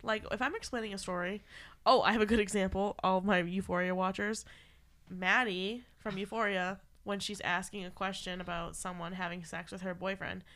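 A woman's voice: mid-range voice, moderate pace. A woman in her thirties co-hosting a casual podcast at home, telling stories and acting out what people said. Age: 30s. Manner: animated storyteller, acts out quotes. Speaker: podcast co-host. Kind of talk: casual chat.

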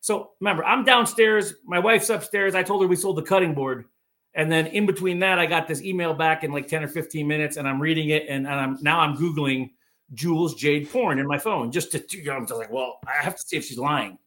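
A man's voice: on the high side, a little fast, sharp tone. A man guest on a podcast, telling a story casually and animatedly, full of filler words and acted-out quotes.

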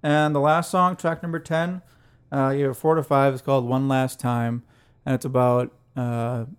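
A relaxed man talks through an album track by track on a casual podcast. He laughs easily and keeps an easygoing tone. His voice sits at a normal middle pitch. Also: normal speed, smooth. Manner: easygoing, explains songs, laughs often. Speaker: podcast co-host. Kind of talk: casual music review chat.

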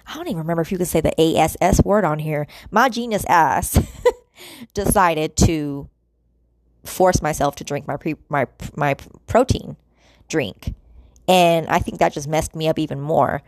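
A woman with a lowish, gravelly voice talks casually to camera, rambling through restarts and fillers. She speaks straight to her viewers as y'all. The sound is dry and close, with no room sound. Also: normal speed, dry recording. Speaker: vlogger. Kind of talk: casual confessional chat to camera.

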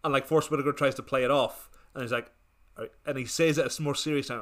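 A man's voice: medium pitch, fairly even intonation, fast, fairly bright tone. A man co-hosting a film podcast, chatting and joking casually. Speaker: podcast co-host.

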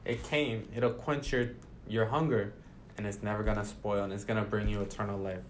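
In a relaxed Bible study, a man with a lowish voice reads scripture out loud before unpacking it conversationally. He moves briskly in a steady tone, and a slight hiss or hum runs under the recording.

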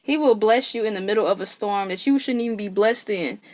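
A woman guest on a faith-based podcast, talking earnestly in an animated, preacherly way. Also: mid-range voice, fairly quick, highs cut off.

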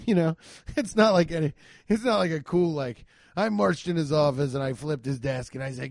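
With a voice on the high side at normal speed, a male podcast host delivers profane comic storytelling, animatedly voicing quotes in goofy ways. There's no room sound.

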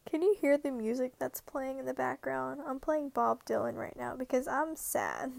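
A teenage girl rambling into her camera at home, high-voiced and gravelly with vocal fry. She's anxious and self-deprecating, with frequent nervous laughs. Her speech is loose, unscripted and full of fillers. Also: moderate pace, few pauses, a little mellow, no echo. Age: late teens. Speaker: vlogger. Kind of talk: casual rambling monologue.

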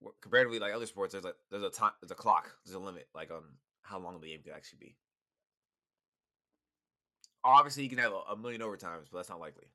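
A young man co-hosting a podcast in casual chat, profane and emphatic when making his point. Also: deep voice. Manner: fast, animated, profane and emphatic. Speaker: podcast co-host.

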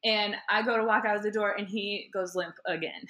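Bright-voiced woman telling a wild story. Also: mid-range voice, a little fast. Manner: animated storyteller, acts out voices, laughs often. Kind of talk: casual chat.

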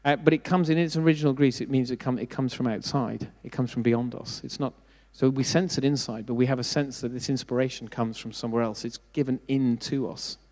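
A middle-aged man delivers a sermon in a relaxed, conversational way. He mixes in self-deprecating asides and asks the congregation questions. His voice sits at an ordinary pitch and carries a long reverb from the hall. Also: brisk, few pauses. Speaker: preacher.

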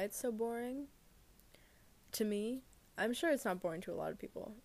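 Gravelly-voiced woman rambling about movies. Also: mid-range voice, moderate pace, darkish tone. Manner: rambling, full of fillers and restarts. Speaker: movie reviewer. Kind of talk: rambling casual chat. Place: alone in her bedroom.

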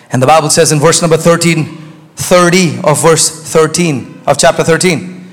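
A man preaching a sermon as pastor, swinging from hushed asides to shouted climaxes. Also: a little high. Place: church sanctuary. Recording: hall reverb.

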